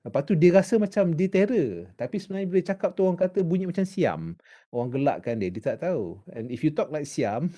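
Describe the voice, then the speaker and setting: A Malaysian-accented man with a slightly high voice delivers a drama lecture at a quick pace. He's animated, switches between English and Malay, and acts out examples as he teaches.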